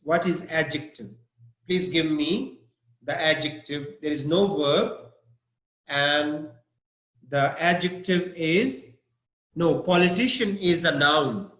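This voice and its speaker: Slow, patient man teaching vocabulary. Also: on the high side, fairly bright tone, roomy sound. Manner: slow, patient, spells words out letter by letter. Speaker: English teacher. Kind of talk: online vocabulary lesson.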